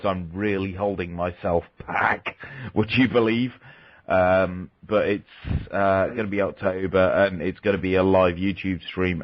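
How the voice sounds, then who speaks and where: A lower-voiced man rambles through crude jokes with a mocking edge. His voice comes over dull, lo-fi audio from a call-in show. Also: no echo. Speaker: guest caller. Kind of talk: crude comedic call-in chat.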